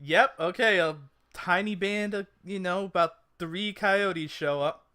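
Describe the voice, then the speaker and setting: A man's voice: high voice, a little slow. A man narrating as game master of a tabletop role-playing game, laughing often between lines. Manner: animated, laughs often, puts on brief voices.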